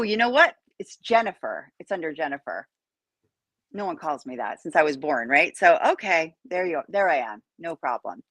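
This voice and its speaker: A woman co-hosting a podcast, telling a story in a casual, animated way and acting out the quotes. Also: on the low side, no room sound. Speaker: podcast co-host.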